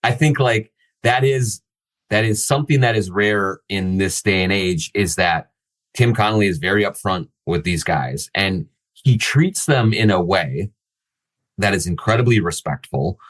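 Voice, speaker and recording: A man's voice: on the low side, measured pace, rough recording. A man hosting a sports podcast, talking things through casually with many fillers and restarts. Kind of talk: casual analytical chat.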